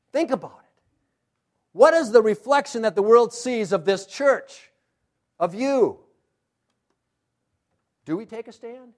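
Guy preaching a sermon, high voice for a man, fires off questions, goes loud then soft. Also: lively intonation, slow, long pauses. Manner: emphatic, rhetorical questions, swings loud to soft. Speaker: pastor.

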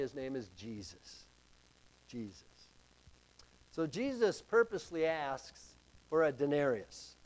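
A man preaching a sermon to a congregation, slow and emphatic, with dramatic rises in pitch and volume. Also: darkish tone. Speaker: pastor.

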